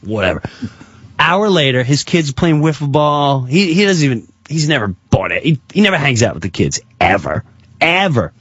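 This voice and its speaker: A male comedian telling a story on talk radio, excitable and animated, his pitch rising and falling widely. His voice sits fairly high for a man. The sound is dry and dull, like a lo-fi studio feed. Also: moderate pace, breathy edge, dry recording. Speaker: guest comedian.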